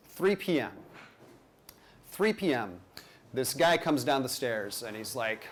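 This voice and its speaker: A man's voice: mid-range voice, big pitch swings, takes it slowly, pauses often. A man telling a personal story live to an audience, conversational with playful, self-deprecating asides.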